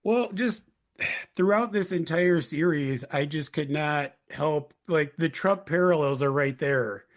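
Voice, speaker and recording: Higher-voiced man riffing bluntly. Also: measured pace. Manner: blunt, riffs with many filler "like"s. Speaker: podcast co-host. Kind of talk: casual chat.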